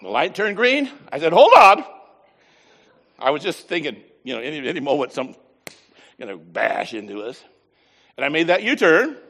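A man preaching a sermon, telling a folksy story with lively voiced asides. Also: fairly high pitch, normal speed, gravelly, long reverb tail. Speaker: pastor.

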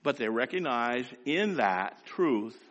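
A man preaching a sermon in a scratchy voice, swinging from quiet asides to loud, rising exhortation. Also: medium pitch, big pitch swings, takes it slowly, long reverb tail, muffled recording.

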